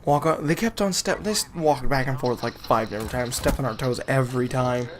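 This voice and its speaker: A man's voice: mid-range voice, brisk, background noise. A young man casually telling a rambling, exasperated story on his vlog, often laughing as he goes. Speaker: gaming channel vlogger.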